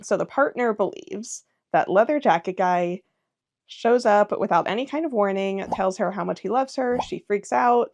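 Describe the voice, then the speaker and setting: A woman's voice: medium pitch, moderate pace, a little mellow. A woman hosting a puzzle video, reading a mystery story aloud in casual chat and laughing often. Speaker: puzzle channel host.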